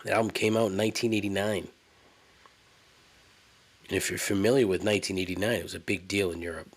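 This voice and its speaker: Husky and low, a man delivers his solo podcast story flatly but fast. The casual monologue rambles along, profane and incredulous.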